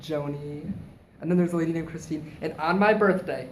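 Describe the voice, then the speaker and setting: Animated young man telling stories. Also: a little high, fairly quick. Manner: animated, swearing anecdotes with acted quotes. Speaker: co-host. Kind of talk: casual chat, storytelling. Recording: echoey room with faint noise.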